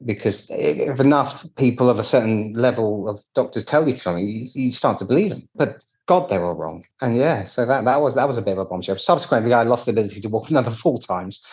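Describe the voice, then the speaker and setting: Husky-voiced British man telling his story. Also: mid-range voice, expressive, quick pace, few pauses, a little mellow, muffled recording. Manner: candid, wry, acts out quoted dialogue with restarts. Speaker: piano technician guest. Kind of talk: casual storytelling interview.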